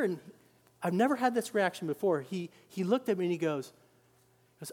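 A man preaching a sermon as a pastor, swinging between quiet, intimate moments and loud, emphatic peaks. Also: high voice, very animated, moderate pace, long pauses, in a large hall.

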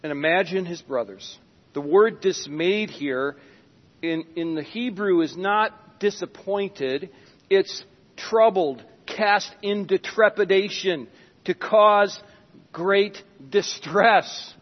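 A man preaching a sermon as pastor, dramatic, with sudden hushed drops and acted-out Bible scenes. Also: high voice, takes it slowly. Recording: dull sound with long hall reverb.

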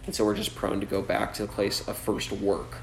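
A man's voice: fairly low pitch, flat delivery, fairly quick, creaky, roomy sound, noisy background. A man pastor preaching a sermon in a conversational style, often tossing in "right?" and "like" as asides. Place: church gathering.

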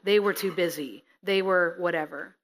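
A woman preaching a sermon, reading scripture and acting out the figures with lively expression. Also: lowish voice, moderate pace. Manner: expressive, acts out scripture figures, laughs at herself.

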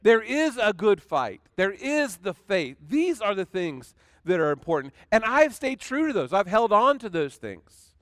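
A man's voice: high-pitched, sing-song, measured pace, a bit bright, no room sound. A man pastor delivering a sermon in a conversational way, stumbling on restarts and reciting scripture lines dramatically.

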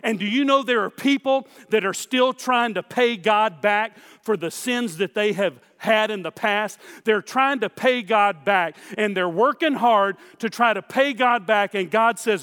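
A man preaching a sermon in a high, light voice, pressing his points with repeated phrases and speaking straight to the congregation. His words ring out with a long reverb in a large hall. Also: unhurried, hardly any pauses, a bit bright, smooth. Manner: emphatic preaching with repeated phrases and direct address. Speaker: pastor.

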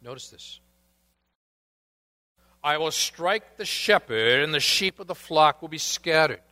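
A male pastor delivers a sermon at an unhurried, measured pace. His voice is fairly high and bright, with emphatic swells on key words and quiet asides in between. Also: animated. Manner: slow, deliberate preaching with emphatic rises and quiet asides; reads scripture quotes aloud with emphasis.

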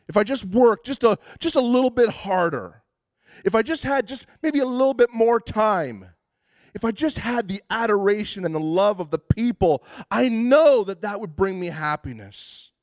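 Chatty male pastor, slightly high voice. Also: lively intonation, normal speed, no room sound, clean studio sound. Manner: conversational and self-deprecating, with frequent restarts. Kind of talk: sermon.

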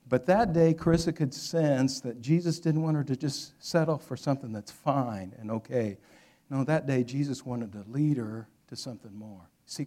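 A man, possibly middle-aged, preaching a sermon and telling a story, often dropping to a near whisper for effect. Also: medium pitch. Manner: storytelling with dramatic drops to a hush. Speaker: pastor.

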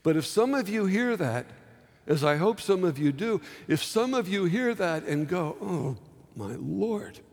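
A male pastor preaching a sermon, slowing down for dramatic emphasis and acting out heartfelt quoted pleas. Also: sits high, lively intonation, big-room sound.

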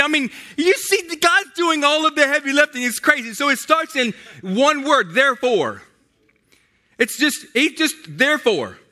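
Very high, bright-voiced man preaching. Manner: emphatic and repetitive, with many restarts. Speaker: pastor. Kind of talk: sermon.

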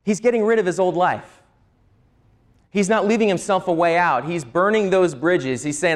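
A man with a high voice preaching a sermon. He explains a scripture passage in an earnest teaching manner. He often stops to ask the listeners rhetorical questions. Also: normal speed. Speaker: pastor.

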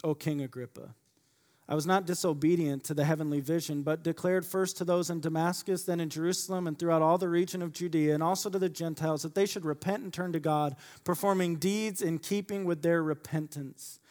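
A man's voice: fairly high pitch, fairly even intonation, a little fast, darkish tone, lightly acted. A man reading Paul on trial: solemn, earnest scripture voice, hall reverb. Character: the apostle Paul, a man defending himself before a king. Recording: long reverb of a large hall.

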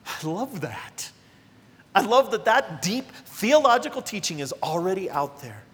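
High-voiced preacher in a reverberant hall. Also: male voice, sing-song, unhurried, a bit bright. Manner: conversational and emphatic, addressing the congregation directly. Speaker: pastor. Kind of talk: sermon.

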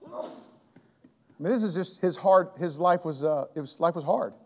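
A man's voice: a little high, normal speed. Earnest man teaching in a reverberant hall. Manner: earnest, emphatic, repeats and restarts phrases. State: throat trouble, clearing his throat. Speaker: Bible teacher. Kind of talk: evening Bible class teaching.

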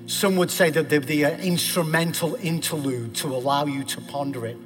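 Male pastor, fairly high voice, emphatic sermon delivery, long church reverb, soft music underneath. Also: brisk, few pauses. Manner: emphatic preaching that swings from loud declarations to hushed pleas. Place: church sanctuary.

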